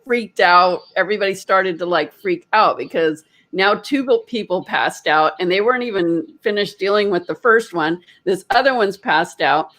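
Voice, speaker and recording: A woman host telling a personal story in an animated, chatty way, full of "like" fillers and acted-out quotes. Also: medium pitch, normal speed, hardly any pauses. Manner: acts out her own quoted panic. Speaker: energy healer, host. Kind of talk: casual storytelling.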